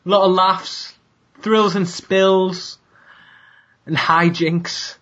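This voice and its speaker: A man with a Cockney accent co-hosting a podcast in casual chat, animated and quick to laugh. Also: high-pitched, highs cut off. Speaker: podcast co-host.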